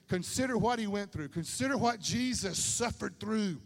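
A man preaching a sermon in a lively, conversational way with slang asides, in a large stadium. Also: high voice, fairly quick, few pauses. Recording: long hall reverb.

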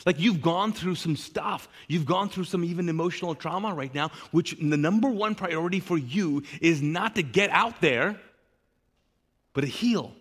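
A male pastor preaching live, his voice pitched high and bright. He talks with animation and plays out the people he quotes. The big church space gives his words a long reverb tail. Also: moderate pace, breathy edge. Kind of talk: sermon. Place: large church.

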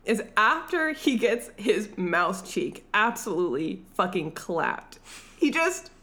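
A woman's voice: medium pitch, sing-song, slow pace, bright, forceful tone. A woman co-hosting a podcast, retelling a film in a loose, profane, laughing way. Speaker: podcast co-host. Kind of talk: casual film recap chat.

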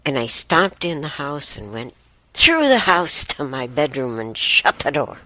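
A middle-aged woman telling rambling personal stories in a casual, unhurried way, with fillers and restarts. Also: low voice, big pitch swings, bright, forceful tone, no echo. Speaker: host. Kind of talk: casual storytelling.

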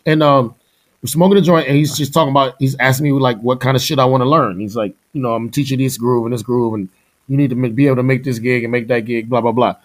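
A middle-aged man from Houston, a drummer, telling stories in a casual interview. He talks in an animated way, laughs often and imitates the people he quotes. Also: mid-range voice, quick pace. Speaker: guest musician, drummer.

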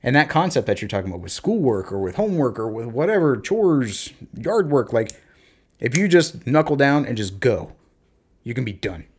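A man in casual conversation, telling parenting stories and acting out talks with his kids in lively bursts. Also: medium pitch, normal speed, husky. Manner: animated storyteller, acts out talks with his kids. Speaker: podcast co-host, parent. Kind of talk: casual chat.

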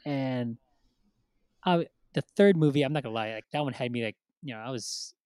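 A man's voice: medium pitch, normal speed, a little mellow, clean tone, no echo. A man co-hosting a casual podcast chat, rambling with many fillers and acting out quotes. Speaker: podcast co-host.

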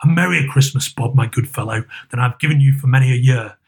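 A man voicing an elderly reformed miser who speaks in a low, gruff, emphatic growl. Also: measured pace, a little mellow, heavily acted. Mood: hearty.

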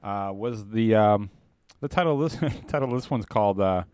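A man's voice: lowish voice, normal speed, a little mellow, clean tone, dry recording. A man in casual chat who reacts with groans and exclamations and hesitates when starting his own story.

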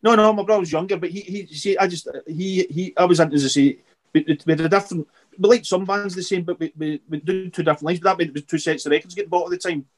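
A middle-aged man with a slightly high voice, talking as a podcast guest. He rambles in a halting, easy way, repeating words as he gathers his thoughts. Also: fairly even intonation. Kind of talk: casual interview chat.

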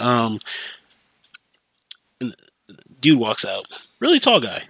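A man's voice: mid-range voice, wildly swooping pitch, slow, gravelly, long pauses, a bit bright, husky, no echo. A young man hosting a podcast, telling a story casually with lots of fillers, restarts and swearing. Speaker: podcast host.

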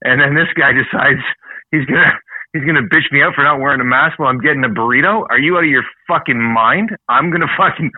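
A man's voice: medium pitch, no echo. Profane Canadian man ranting down a tinny line. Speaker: podcast co-host. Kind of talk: casual chat.

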